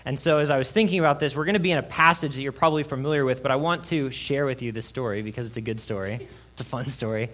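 A young man, a guest preacher, praying and then telling a story in a lively, chatty sermon. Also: medium pitch, fast. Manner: lively, conversational storyteller, many asides. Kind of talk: sermon with prayer and personal story.

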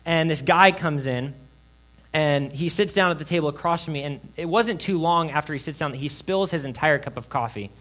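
Young man preaching a lively sermon. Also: on the high side, brisk. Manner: lively, conversational storyteller, many asides. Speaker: guest preacher. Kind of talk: sermon with prayer and personal story.

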